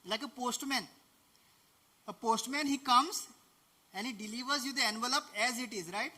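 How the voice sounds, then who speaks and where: A man's voice: sits high, bright, forceful tone. A man with an Indian English accent giving a devotional lecture, conversational, often laughing and asking rhetorical questions. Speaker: preacher.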